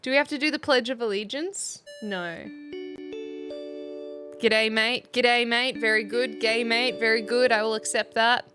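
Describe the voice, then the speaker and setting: A woman's voice: fairly high pitch, moderate pace, hardly any pauses, over music. A woman streaming as a playful mock substitute teacher, chatting casually and reading out viewers' names.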